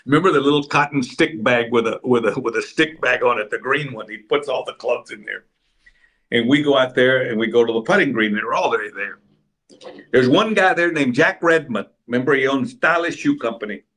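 A man's voice: medium pitch, fairly quick, fairly bright tone. Older man spinning yarns. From Texas. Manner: rambling raconteur, acts out other people's lines. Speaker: interview guest. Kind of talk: anecdotal storytelling.

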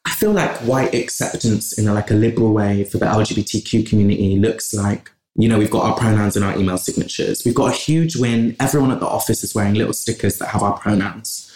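A man's voice: lowish voice, steady tone, quick pace, few pauses, darkish tone. A man from in England, a podcast guest talking passionately in long runs with restarts. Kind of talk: conversational interview. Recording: roomy echo.

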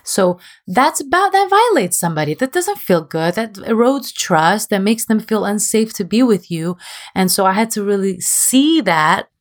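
A young woman, a relationship coach, talking openly as a podcast guest, self-deprecating and quick to laugh. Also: medium pitch, lively intonation. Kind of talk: candid podcast conversation.

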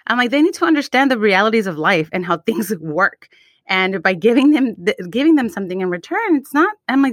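A woman's voice: mid-range voice, expressive, a little fast, fairly bright tone, no echo, clean studio sound. A woman co-hosting a podcast, chatting casually, acting out quotes and mixing Spanish into her English. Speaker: podcast co-host. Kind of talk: casual chat.

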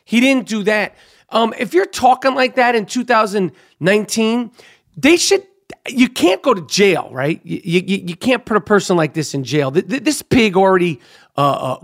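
An angry podcast host speaks into a studio mic in a mid-range voice. The delivery is a profane rant, full of stammers and restarts. Phrases get repeated for emphasis. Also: mid-range voice. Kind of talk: angry monologue commentary.

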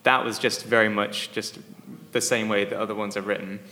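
A man's voice: fairly low pitch, level tone, brisk, sharp tone. A man from a band chatting in an interview, hesitant with many fillers. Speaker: band member guest. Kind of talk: casual interview chat. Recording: reverberant hall.

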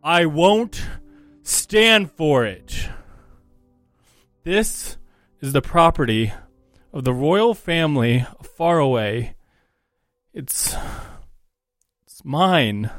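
A man voicing a grieving, earnest young male orc prince in a tabletop game, speaking in a halting, soft-spoken way. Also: a little high, very animated, no echo, faint music behind, voice pushed up, full character voice. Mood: resolved. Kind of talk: tabletop role-play in character.

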